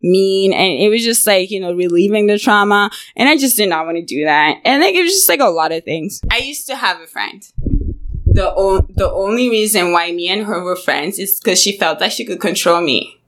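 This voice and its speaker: A woman in her twenties from Africa, telling stories in an animated, blunt, profane way, often laughing. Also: medium pitch, normal speed, dry recording. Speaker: podcast host. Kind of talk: casual storytelling chat.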